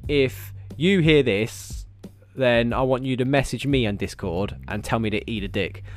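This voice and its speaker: A man's voice: medium pitch, a little slow, faint music behind. Swearing man ranting on a podcast. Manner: swears heavily, rambling and animated. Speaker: podcast host. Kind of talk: casual solo podcast chat.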